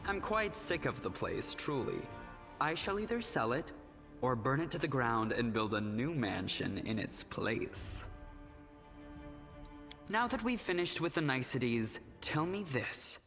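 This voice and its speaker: An actor playing a haughty, decadent noble count in a video game, with a drawling, arch delivery. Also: male voice, medium pitch, sing-song, a little slow, creaky, a bit bright, long reverb tail, full character voice. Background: game music.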